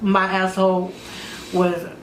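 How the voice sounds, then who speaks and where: A woman telling frank stories in casual chat as a podcast host, crude, profane and animated. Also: medium pitch, takes it slowly. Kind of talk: candid casual storytelling. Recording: roomy room with faint noise.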